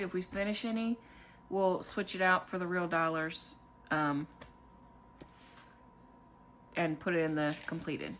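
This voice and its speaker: A woman hosting a casual budgeting vlog, calmly narrating as she counts out cash and fills savings challenges. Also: lowish voice, a little hiss or hum. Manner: calm, unhurried, counting money aloud. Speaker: budgeting channel host.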